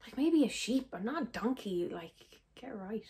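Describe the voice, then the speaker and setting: A woman's voice: a little high, normal speed, very noisy. A young woman with an Irish accent, chatting sarcastically and animatedly as she reacts to a film trailer. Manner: sarcastic and animated, mock-exasperated. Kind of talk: casual reaction chat.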